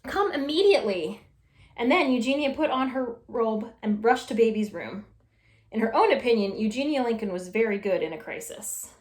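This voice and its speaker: A woman reading a children's storybook aloud with expressive, animated storytelling. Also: a little high, normal speed. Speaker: storytime reader. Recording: echoey room.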